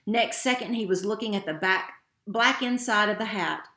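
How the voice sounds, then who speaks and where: A woman reading a novel aloud in a steady, expressive way. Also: mid-range voice, normal speed. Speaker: narrator. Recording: roomy echo.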